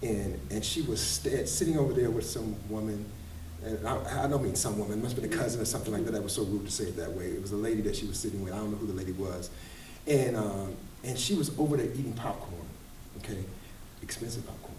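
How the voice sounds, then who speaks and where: Middle-aged male choreographer guest, rambling animated storyteller, picked up from a distance in a roomy echoing space. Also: lowish voice, fast, a little hiss or hum. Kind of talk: casual interview storytelling. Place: large room at a kids fitness camp event. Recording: roomy echo, distant mic, faint ambience.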